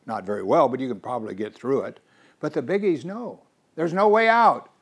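Older male preacher, earnest and animated, mid-pitched voice. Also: a little fast, husky. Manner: earnest, animated, rhetorical questions. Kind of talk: sermon.

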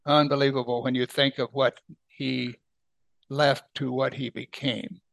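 A man preaching a Bible sermon, emphatic, lifting his voice on key words and then dropping it soft. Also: mid-range voice, flat delivery, measured pace, vocal fry, dry recording. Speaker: pastor.

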